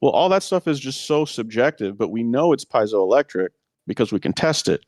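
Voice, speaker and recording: A man's voice: mid-range voice, lively intonation, a little fast, a little mellow, dry recording, studio quality. A man talking through ideas on a podcast in a musing, thoughtful way, with frequent fillers. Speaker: podcast co-host. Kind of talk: casual discussion.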